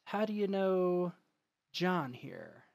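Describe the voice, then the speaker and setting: A man's voice: high-pitched, big pitch swings, slow, creaky, pitched above the performer's own voice, full character voice. A man voicing a wealthy, guarded merchant who raises his voice to ask questions. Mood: curious.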